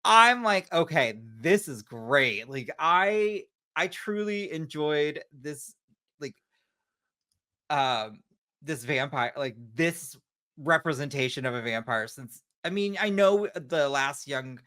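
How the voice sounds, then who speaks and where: A man's voice: a little high, takes it slowly, a bit bright. A man co-hosting a horror podcast, chatting casually and gushing with slangy asides. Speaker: podcast co-host. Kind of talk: casual chat.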